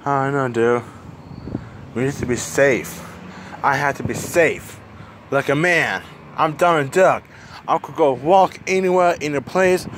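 A man's voice: fairly high pitch, natural voice. A man playing Donald Duck, a hot-tempered cartoon duck, in an amateur fan film, rambling and swearing outdoors by a street. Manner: rambling, swearing, easily startled. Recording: outdoor traffic noise.

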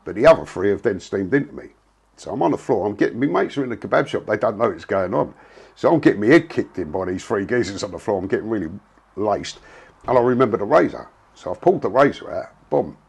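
A man's voice: lowish voice, lively intonation, fast talker, creaky, slightly rough. A man, telling a story in a blunt, casual way, full of slang and swearing. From England. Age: 60s. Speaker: interviewee.

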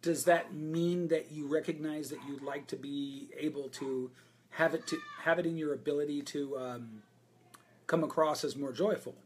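On a video call, a voice and presentation coach speaks to a group, fielding questions about voice and speaking with candid energy and plenty of fillers. His pitch sits fairly high, his pace is moderate, and there's a faint hiss or hum.

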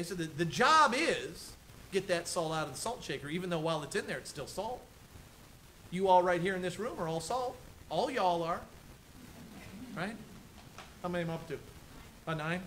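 High bright-voiced chatty male pastor. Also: slight background noise, low-quality recording. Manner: chatty, keeps asking "right?" and "okay?". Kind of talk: conversational sermon. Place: church room with a congregation.

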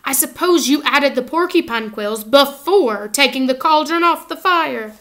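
A woman's voice: high voice, measured pace, sharp tone. A woman voicing a cold, sneering male potions teacher who snaps his words in a clipped, scornful way in an audiobook reading. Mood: snapping.

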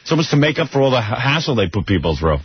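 A man's voice: mid-range voice, sing-song, racing, husky. A man hosting morning radio talk, blunt and sarcastic, ranting about his ratings. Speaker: radio host. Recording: dull lo-fi radio broadcast.

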